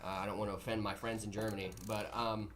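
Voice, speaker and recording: A man's voice: lowish voice, flat delivery, fast talker, a bit bright. A young man co-hosting a casual livestream, reading chat aloud with playful, jokey banter. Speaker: livestream co-host. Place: studio in Phoenix, Arizona.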